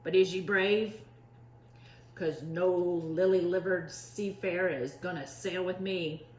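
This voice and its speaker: A woman's voice: on the low side, fairly even intonation, slow, darkish tone, reverberant. A woman voicing an impatient, bossy male pirate captain who bellows in pirate slang. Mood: gruff.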